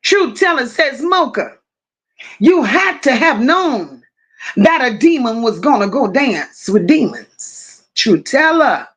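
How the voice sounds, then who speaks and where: Woman, high voice, livestream host, casual chat, greets viewers fondly, blunt talk. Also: big pitch swings, slow pace, a bit bright, breathy edge. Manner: affectionate, calls viewers "my love" and "boo".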